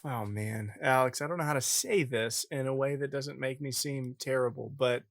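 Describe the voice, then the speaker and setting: A man's voice: mid-range voice, normal speed, no room sound. Male podcast co-host, mid-range voice, dry booth sound, rambling joker. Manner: jokey, rambling. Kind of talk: casual chat.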